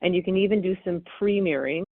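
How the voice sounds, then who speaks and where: A woman parenting expert answering interview questions, animated and acting out what parents and children say. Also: on the low side, quick pace, dry recording. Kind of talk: interview answers, explaining technique. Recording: phone-like dry call audio.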